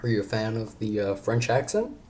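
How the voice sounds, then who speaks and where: A man's voice: fairly low pitch, brisk, a little mellow, slight background noise. A young man hosting a podcast in casual chat, rambling and joking, often cutting himself off mid-sentence. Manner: rambling, jokey, self-interrupting. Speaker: podcast host.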